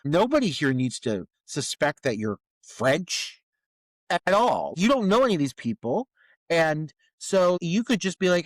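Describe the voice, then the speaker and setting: A man's voice: fairly high pitch, sing-song, measured pace, no room sound. A man co-hosting a horror movie podcast, picking apart plot holes in a profane, incredulous rant. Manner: incredulous, profane ranting critique. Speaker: podcast co-host. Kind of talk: casual movie review chat.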